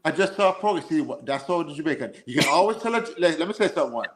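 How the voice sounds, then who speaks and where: A man's voice: a little high, animated, rapid-fire. A man in a casual live-stream chat, arguing his point insistently with jokes. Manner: insistent, joking argument.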